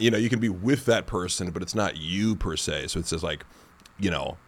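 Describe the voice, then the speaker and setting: A man's voice: low voice, a little fast. A man hosting a podcast, talking in a rambling casual way with many fillers. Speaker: podcast host. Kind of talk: casual chat.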